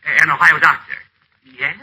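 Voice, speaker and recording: An actor playing a bumbling, eager-to-please small-town doctor who chuckles and gushes, in 1940s radio acting. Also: male voice, on the high side, level tone, moderate pace, vocal fry, sharp tone, slight background noise, exaggerated voice, rough recording. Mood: effusive. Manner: chuckling, fussy, effusive.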